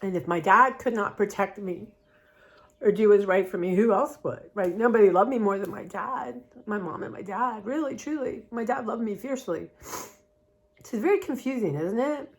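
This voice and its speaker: A woman's voice: medium pitch, normal speed. A woman talking candidly in a personal vlog, rambling and heartfelt in a confiding way. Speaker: vlogger.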